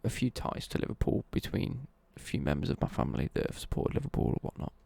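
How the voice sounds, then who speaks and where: A young man talks through a live stream at home, rambling and self-correcting as he answers viewers. His voice is mellow, dark and edged with gravel. The sound is dry and close. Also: fairly low pitch, big pitch swings, fast, dry recording. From East Midlands, England.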